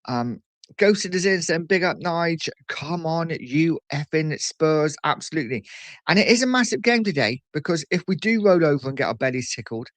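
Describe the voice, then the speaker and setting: A man's voice: fairly high pitch, animated, moderate pace, no echo. A man hosting a casual fan live stream, reading out viewer comments and reacting in a chatty way, often repeating himself. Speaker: fan channel host reading live chat.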